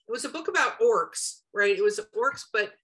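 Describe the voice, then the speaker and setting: A woman with a bright, forceful voice and a slightly raised pitch, chatting casually as a podcast co-host. She talks in an animated way, often acting out quick quotes. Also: poor audio. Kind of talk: casual chat.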